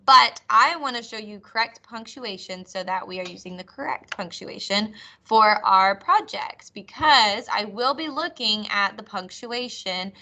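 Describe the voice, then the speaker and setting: A woman teacher explaining a lesson to her class over a video call, with clear, patient explanations and expressive example sentences. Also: a little high. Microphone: computer mic on a video call.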